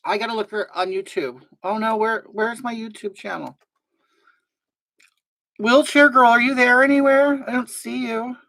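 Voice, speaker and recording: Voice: medium pitch, normal speed, creaky, hardly any pauses, a bit bright. A performer playing a brash, gossipy woman livestreamer who rambles and gets indignant while reading chat aloud, in a live comedy stream. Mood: rambling. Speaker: livestream host.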